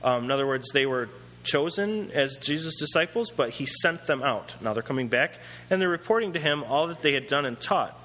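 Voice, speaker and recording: A man preaching a sermon in a conversational, animated way, acting out characters as he tells the story. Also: a little high, fairly quick, long reverb tail.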